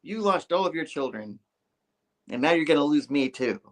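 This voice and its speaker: A man's voice: on the high side, lively intonation, moderate pace, voice pushed up, natural voice. A man voicing an angry woman accusing a ruler. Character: angry young woman confronting a cold ruler.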